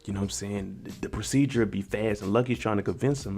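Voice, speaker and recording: A man's voice: on the low side, fast talker, a little mellow, soft background music. A man giving a casual, slangy recap of a TV episode and reacting to each scene as he goes. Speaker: TV recap vlogger.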